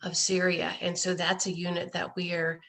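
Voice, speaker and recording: A woman's voice: lowish voice, completely flat delivery, normal speed, fairly bright tone, a little hiss or hum. Earnest woman telling a story. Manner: earnest, storytelling with quoted voices. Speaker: guest, nonprofit founder. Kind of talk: casual interview storytelling. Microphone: video call.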